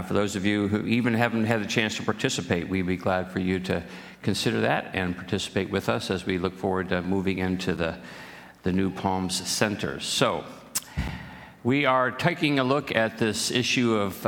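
A man's voice: on the low side, fairly bright tone. A man preaching a sermon as pastor, folksy and joke-telling, with frequent fillers and restarts. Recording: reverberant hall.

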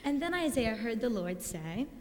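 A young woman leading a children's moment, her voice set a little high and bright with enthusiasm. She tells the story in a lively, encouraging way to the children gathered in front. Her words ring out with a long reverb in the large church sanctuary. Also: normal speed. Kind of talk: children's sermon.

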